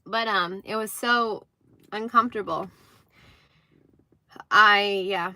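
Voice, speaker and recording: Young female streamer, chatty storyteller, bright, dry sound. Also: mid-range voice, takes it slowly, no echo. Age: young adult. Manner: chatty, animated retelling with acted-out quotes. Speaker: livestream host. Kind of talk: casual livestream storytelling.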